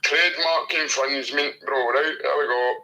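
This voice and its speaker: A man with a Scottish accent in a casual video chat, talking loudly and crudely, taunting and swearing constantly. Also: a little high, steady tone, normal speed, low-quality recording.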